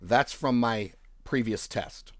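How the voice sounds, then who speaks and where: A man with a mid-range voice speaks slowly, with no room sound, as he hosts a forex trading channel. His screen-share walkthrough of charts and accounts is casual, offhand and sprinkled with jokes as he clicks along.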